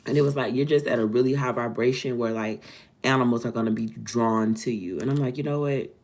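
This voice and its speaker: A woman, telling a story to her viewers in an animated, dramatic way. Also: rumbling low, a little fast. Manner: animated, dramatic retelling with acted-out quotes. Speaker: vlogger.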